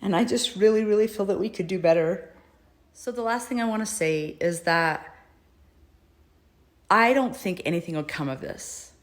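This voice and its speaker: A woman's voice: mid-range voice, moderate pace, pauses often. A middle-aged woman, a mother, speaking earnestly and emotionally in a personal video address, pleading for someone to do the right thing. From United States.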